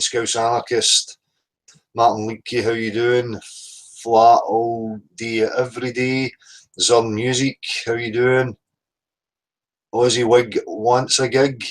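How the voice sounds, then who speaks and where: A man's voice: medium pitch, rough recording. Guy hosting a livestream, blunt and sweary, reading out chat names. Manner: blunt, sweary, greets chat viewers one by one. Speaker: livestream host.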